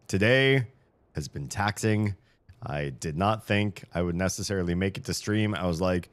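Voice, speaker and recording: Tired, rambling low-voiced male streamer. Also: animated, moderate pace, dry recording. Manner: rambling and jokey, with frequent stammered restarts. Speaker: live streamer and host. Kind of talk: casual live-stream chat. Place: streaming room with shelves. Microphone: studio microphone.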